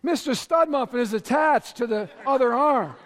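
A man preaching a lively, storytelling sermon and talking straight to his congregation in a large church. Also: extremely high pitch, normal speed. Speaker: pastor. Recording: long reverb of a large hall.

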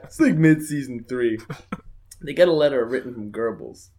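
A young man co-hosting a podcast, chatting casually about a TV show, laughing often and slipping into quick character voices. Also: medium pitch, animated, warm tone, slight background noise. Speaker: podcast co-host. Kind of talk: casual chat recapping a TV show.

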